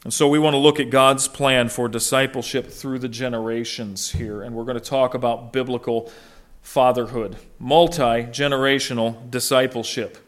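A man's voice: medium pitch, steady tone, normal speed. A middle-aged man preaching a sermon as a pastor, speaking earnestly and asking the congregation rhetorical questions.

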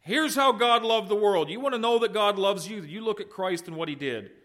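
A middle-aged male pastor delivering a sermon. His voice sits a little high for a man. He preaches earnestly, rising loud and falling soft as he makes his points. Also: a little fast. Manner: earnest preaching with wide swings in loudness and pitch.

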